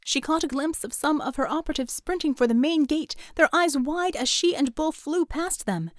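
Woman, audiobook narrator, brisk engaged reading, fairly high voice, dry close sound. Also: lively intonation, no room sound. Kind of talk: scripted narration.

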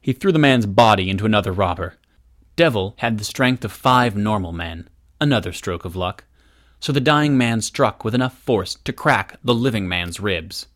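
A man narrating an action story aloud as an audiobook reader, in a steady, measured way. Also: fairly low pitch. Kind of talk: scripted narration.

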